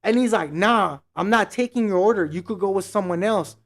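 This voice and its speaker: A man's voice: high voice, a little fast, a bit bright. A man co-hosting a podcast, telling a story in casual, profane slang and acting out what everyone said. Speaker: podcast co-host.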